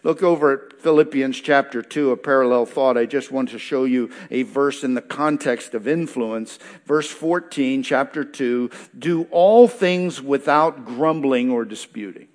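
A man's voice: medium pitch, measured pace, few pauses. A man preaching a sermon, reading scripture verses aloud and then explaining them with emphatic repetition. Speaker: pastor.

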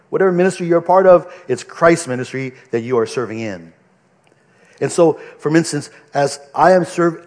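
A man's voice: fairly high pitch, big-room sound. Earnest male pastor preaching. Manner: earnest, conversational preaching with frequent restarts. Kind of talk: sermon. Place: church pulpit.

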